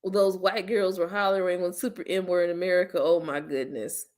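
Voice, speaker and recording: A woman hosting her own channel, chatting casually with viewers in a blunt, slangy, teasing way and breaking into loud playful laughter. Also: lowish voice, fairly even intonation, fairly quick. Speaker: host of a commentary channel. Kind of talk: casual chat reacting to viewers.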